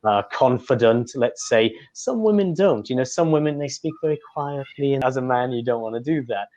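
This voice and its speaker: A man's voice: medium pitch, steady tone, fairly quick, a little mellow. A man, an English tutor answering interview questions in an explanatory way, often stopping to restart. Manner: explanatory, with frequent fillers and restarts. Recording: dull lo-fi audio.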